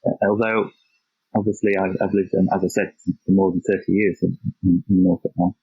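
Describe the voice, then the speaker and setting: A man in his fifties with a faint Yorkshire accent, a podcast guest chatting reflectively and haltingly, with many restarts. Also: deep voice, flat delivery, vocal fry, slightly rough, no echo. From Yorkshire, England. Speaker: podcast guest, geography teacher. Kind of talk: casual interview chat. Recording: dull lo-fi dry remote recording.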